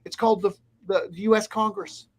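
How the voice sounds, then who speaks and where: A man's voice: sits high, steady tone, moderate pace. A man, a restaurant consultant, giving blunt, emphatic advice as a guest in a casual interview. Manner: blunt, emphatic, lists points.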